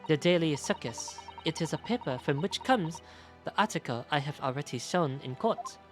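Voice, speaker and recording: A man's voice: fairly high pitch, animated, moderate pace, soft background music, natural voice. A man voicing a fussy older French woman who runs a wax museum, with a put-on French accent and a hesitant, flustered way of talking. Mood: fretful.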